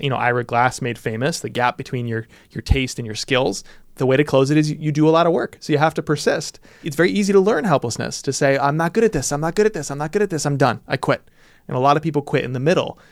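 A man's voice: mid-range voice, no room sound. Talkative male podcast host, dry sound. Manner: animated, talkative, quick asides. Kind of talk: casual podcast chat.

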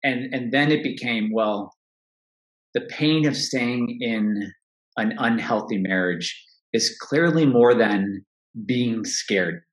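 Speaking slowly in a medium-pitched voice, a middle-aged coach gives an earnest, reflective interview. His sentences often restart, and the recording carries a roomy echo.

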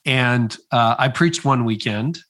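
A middle-aged man, a former pastor, telling his story in conversation, slowing down to stress the key moments. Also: mid-range voice, a bit bright. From Canada. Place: at his home area, speaking remotely.

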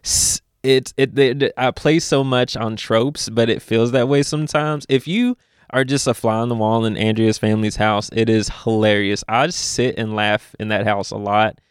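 Young man, from Louisville, lowish smooth voice, dry close sound, animated casual storytelling. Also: dry recording. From Louisville, Kentucky. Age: young adult. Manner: animated storyteller, laughs often, quick asides. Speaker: podcast guest. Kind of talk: casual conversation.

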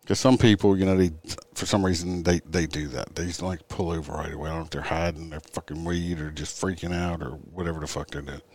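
A man's voice: low-pitched, fairly even intonation, fast, darkish tone. An older man, a police officer, telling a traffic stop story in a blunt, profane, rambling way, tired and yawning. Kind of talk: casual storytelling.

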